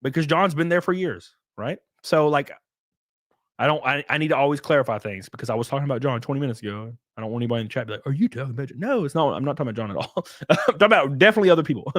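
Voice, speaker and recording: Animated male streamer chatting with viewers. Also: mid-range voice, very fast, no echo, studio quality. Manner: chatty, swears, laughs, thanks viewers. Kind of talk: casual live-stream chat.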